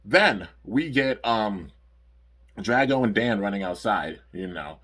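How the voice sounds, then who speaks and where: A man's voice: on the low side, lively intonation, takes it slowly, fairly bright tone, breathy edge. A man casually recapping cartoon episodes in a rambling review. He uses lots of fillers and stops to correct himself.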